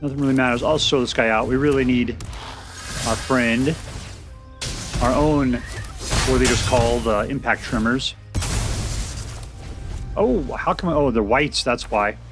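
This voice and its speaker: A man giving casual, chatty commentary on a card game he is playing, thinking out loud with restarts and bursts of excitement. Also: medium pitch, measured pace, long pauses, over music. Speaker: game streamer. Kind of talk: casual gameplay commentary and deck review.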